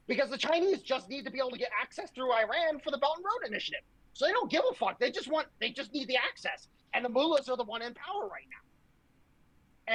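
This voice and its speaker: A woman's voice: on the high side, fairly bright tone, rough recording. Profane, ranting woman. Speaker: podcast co-host. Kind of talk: heated political podcast rant.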